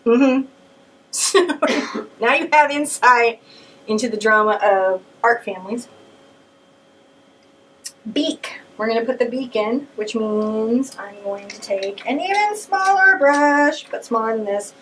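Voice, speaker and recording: A woman teaching a paint-along painting lesson, chatting and telling lively stories with playful asides as she works. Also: on the high side, slow, distant mic, a little hiss or hum. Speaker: painting instructor. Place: home art studio.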